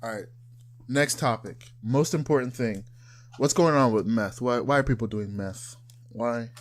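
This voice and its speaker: Young man, mid pitch, joking podcast co-host, mocking animated banter. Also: measured pace. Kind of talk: casual chat.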